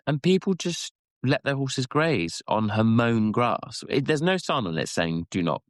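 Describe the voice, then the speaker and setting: A man co-hosting a casual podcast chat, telling stories with halting restarts. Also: big pitch swings, no echo, clean studio sound. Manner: rambling storyteller, halting restarts, squeaky quoted voices. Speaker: podcast co-host.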